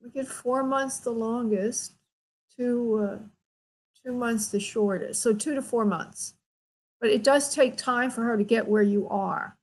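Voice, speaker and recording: A woman spirit medium hosting a call-in radio show, giving gentle, affectionate readings and calling her callers honey and sweetheart. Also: on the high side, a little slow, rough recording.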